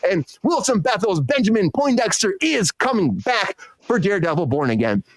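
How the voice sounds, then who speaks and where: A man hosting a casual entertainment news podcast, rambling, excitable and swearing freely. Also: high voice, moderate pace, no room sound. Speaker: podcast host.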